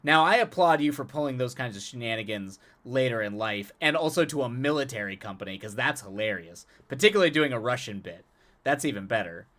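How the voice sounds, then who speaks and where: Speaking fairly quickly in an animated, mid-range voice with a touch of brightness, this male live streamer chats casually with viewers. He laughs a lot and keeps repeating words as he starts his sentences over.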